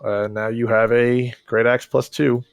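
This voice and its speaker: A man's voice: medium pitch, flat delivery, unhurried, gravelly, smooth, dry recording, faint music behind. A man running a tabletop game as dungeon master, talking casually and laughing often as he narrates.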